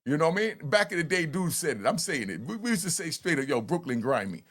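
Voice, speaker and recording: A man in his fifties from Harlem with a New York accent, hosting and telling stories in a loose, animated way, often stammering on restarts. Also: a little high, quick pace. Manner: animated, repeats "you know what I mean", stammers on restarts. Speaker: host. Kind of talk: casual storytelling commentary.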